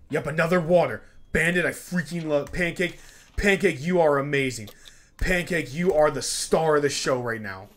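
A male gaming YouTuber narrates his run in a mid-pitched voice, coaxing and begging the characters on screen. He repeats each line, swinging between soft pleading and excited outbursts. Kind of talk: let's play commentary.

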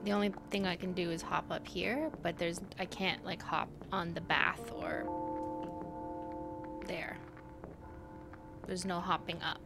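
A woman's voice: lowish voice, fairly even intonation, measured pace, vocal fry, pauses often. A woman streaming a game live, chatting casually, swearing a lot and breaking into anxious squeals. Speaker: livestreamer. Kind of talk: casual gameplay commentary. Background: game music.

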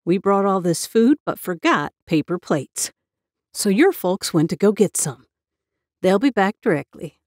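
A woman's voice: medium pitch, animated, unhurried, darkish tone, dry recording, studio quality, natural voice. A woman voicing a genteel, fussy Southern mother who sweetly refuses the children, while reading a story. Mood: chatty. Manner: sugary, indulgent but refusing.

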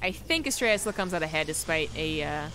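A man's voice: fairly high pitch, animated, a little fast, noisy background. A young Canadian man with a General American accent, casting a strategy game live and trading sarcastic jokes with his chat. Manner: joking, sarcastic asides to chat. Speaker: esports caster. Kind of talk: live game commentary, chatting with viewers.

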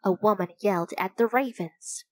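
A woman narrating a storybook in a calm, even way. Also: mid-range voice, normal speed, no room sound. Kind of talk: storybook reading.

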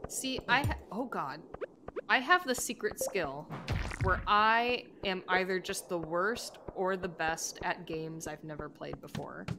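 A woman with a fairly low voice speaks at a measured pace over a noisy background. Streaming a game with its music playing, she keeps up casual, playful chatter full of giggles and rambling.

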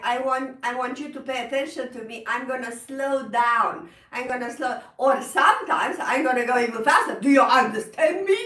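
Woman piano teacher, high, bright and animated, roomy distant sound. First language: Italian. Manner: laughs often, animated, repeats words, non-native phrasing. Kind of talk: casual online music lesson. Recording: roomy echo, off-mic.

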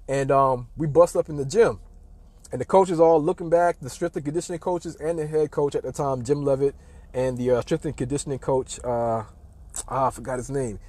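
A man in his thirties hosting a talk show, telling a personal story in a casual, animated way and acting out what other people said. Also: medium pitch, no room sound. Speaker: host.

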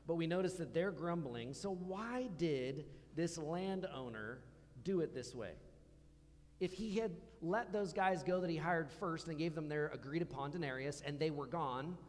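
A man's voice: medium pitch, darkish tone, big-room sound, a little hiss or hum. A man preaching a conversational sermon in a church, asking the congregation questions as he goes. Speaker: pastor. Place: church hall.

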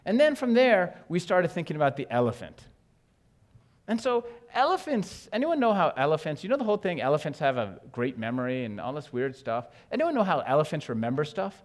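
A man from New York giving an animated conference talk on stage, joking with the audience and asking it questions. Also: a little high, a little fast. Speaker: education speaker.

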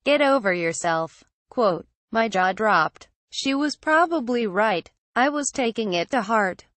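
A woman narrating a first-person horror story in a steady reading voice. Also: a little high, a little slow, dry recording.

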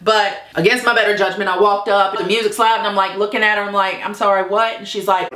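A woman's voice: medium pitch, steady tone, fast talker, fairly bright tone, echoey room. A woman telling a personal story to the camera in a candid, blunt way, swearing freely. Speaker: vlogger. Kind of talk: casual storytelling.

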